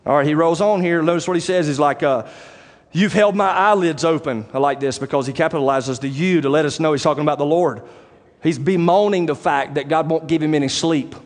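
A male pastor preaching a sermon, animated and conversational, asking the congregation direct questions. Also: on the high side, fast. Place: church sanctuary. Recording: long church reverb.

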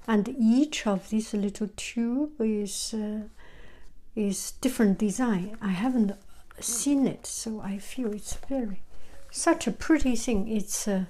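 A woman vlogger chatting casually over a cup of tea, halting and restarting, often drifting into soft whispers. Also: medium pitch, steady tone, low-quality recording. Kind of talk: casual tea-time show-and-tell.

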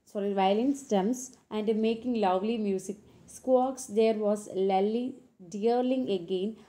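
A woman teacher with an Indian English accent reads a textbook lesson aloud slowly, stopping to explain words and correct her own slips. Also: mid-range voice, mellow. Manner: slow, halting reading with frequent self-corrections. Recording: echoey room recording.

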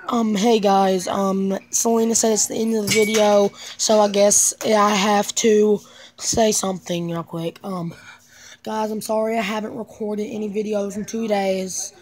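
A woman's voice: mid-range voice, flat delivery, a little slow, a little mellow, pitched above the performer's own voice, close to an everyday voice. Woman playing an apologetic friend signing off. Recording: crowd noise behind.

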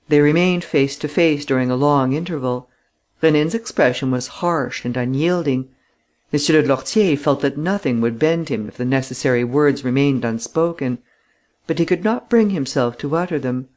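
Male audiobook narrator, steady and even, slightly high voice. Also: moderate pace. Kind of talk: scripted narration.

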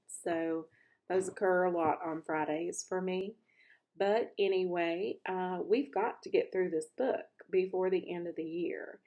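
Slow, gentle woman read-aloud host. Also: lowish voice, dull audio. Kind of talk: chatty intro and storybook read-aloud.

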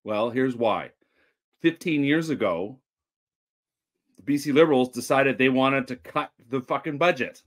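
Blunt, animated male radio guest. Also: medium pitch, measured pace, long pauses. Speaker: sports beat writer guest; teacher and parent.

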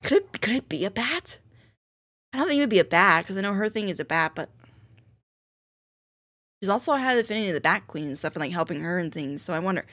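Excitable young woman reacting to an episode. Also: medium pitch, quick pace, pauses often. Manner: excitable, breaks into shrieks and laughter. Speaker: reaction video host. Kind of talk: casual reaction commentary.

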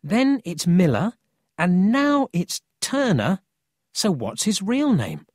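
A man voicing a cheeky, quick-witted schoolboy who talks in an excited, mocking way. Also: high voice, no echo, clean studio sound, voice pushed up, full character voice.

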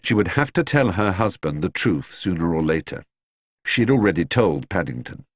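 A man narrating a children's storybook in an expressive, measured way. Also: low-pitched, husky, no echo, studio quality. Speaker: audiobook narrator.

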